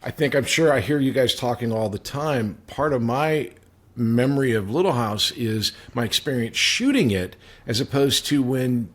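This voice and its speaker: A man guest on a podcast, chatting casually and telling stories with animated reflection. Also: medium pitch, normal speed. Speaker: guest actor. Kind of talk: casual chat.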